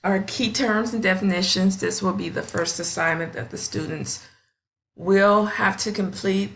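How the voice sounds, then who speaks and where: A woman who teaches fifth grade, presenting a classroom science station in a deliberate, instructional way with small slips. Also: on the low side, gravelly, a bit bright.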